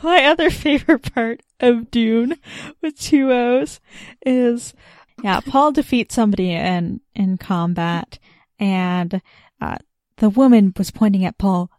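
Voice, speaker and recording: A woman's voice: on the high side, slow pace, a little mellow, no room sound, studio quality. A young adult woman co-hosting a casual chat, rambling with lots of "like" fillers and giggles. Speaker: podcast co-host.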